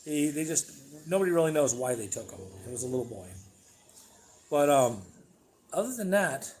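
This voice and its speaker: A man's voice: on the high side, expressive, moderate pace, darkish tone, a little hiss or hum. A man hosting a casual livestream from home, talking in a blunt, rambling and profane way. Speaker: livestream host.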